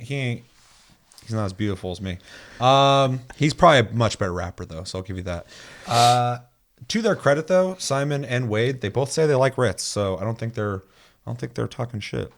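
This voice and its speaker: A man's voice: mid-range voice, expressive, fairly quick. A young man hosting a gaming podcast in casual chat, reading listener comments aloud and telling stories with plenty of swearing. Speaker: podcast host.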